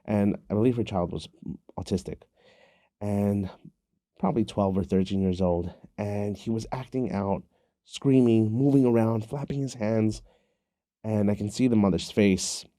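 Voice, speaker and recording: A man's voice: on the low side, dark tone, no room sound, clean studio sound. A man hosting a podcast, telling a story and asking questions in an earnest, conversational way. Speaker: podcast host.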